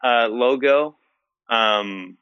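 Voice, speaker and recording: A man co-hosting a podcast in casual chat, rambling with lots of fillers and deadpan jokes. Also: mid-range voice, very slow, clean tone, no echo, dull audio. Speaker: podcast co-host.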